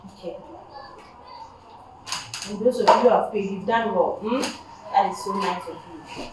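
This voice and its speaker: A woman's voice: medium pitch, normal speed, lightly acted. An actress playing a stern female teacher who scolds pupils in a demanding manner. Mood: scolding. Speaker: teacher taking roll call. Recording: echoey classroom from far off with faint hum.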